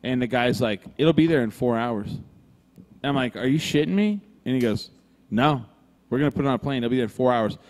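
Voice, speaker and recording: In a live brewery-room recording thick with trailing reverb, a man with a mid-range voice talks a little fast. The podcast co-host spins a rambling, casual story, animated and freely swearing, putting on voices for the people he quotes.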